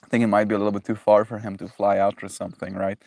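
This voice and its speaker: A man's voice: lowish voice, little pitch movement, very fast, vocal fry, a little mellow, no echo. A man hosting a daily livestream, chatting loosely with viewers and calling them bro. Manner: rambling, loose, talks to chat, says bro. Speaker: livestream host. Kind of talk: casual livestream chat.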